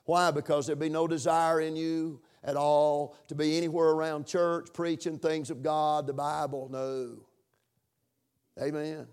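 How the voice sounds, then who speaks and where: A man preaching in church with a somewhat high voice. He builds to loud, emphatic lines, then drops to quiet asides to the congregation. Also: flat delivery, a little slow, clean tone. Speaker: pastor. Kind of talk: sermon.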